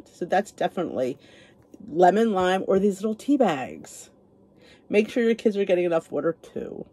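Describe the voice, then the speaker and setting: A middle-aged woman talks casually from her home kitchen, wandering into asides as she goes. Her voice moves up and down in a very lively way. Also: mid-range voice, breathy edge. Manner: chatty and rambling, with frequent asides. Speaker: vlogger. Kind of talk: casual chat.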